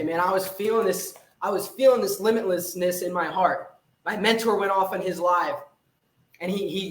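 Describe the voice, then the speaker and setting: A man's voice: high-pitched, a bit bright, echoey room, low-quality recording. A young man, a fitness coach, giving a fired-up motivational pep talk on a live stream, swearing often and repeating himself.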